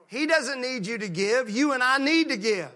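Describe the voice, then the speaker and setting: Male pastor from Mississippi, emphatic sermon delivery, high-pitched and ringing. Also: animated. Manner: emphatic preaching, slows down to stress key lines; acts out folksy characters in quieter voices.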